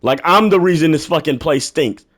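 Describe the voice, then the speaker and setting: A young man telling a comedic rant story, profane and exasperated, sometimes bursting into yelling. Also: a little high, normal speed.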